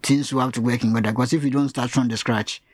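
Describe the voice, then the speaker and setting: A man's voice: mid-range voice, steady tone, quick pace, slightly rough, no echo, studio quality. A man, a guest in an interview, explaining at length in an earnest manner. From Ghana. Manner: earnest, explanatory, repeats phrases. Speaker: advocacy guest. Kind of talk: interview conversation.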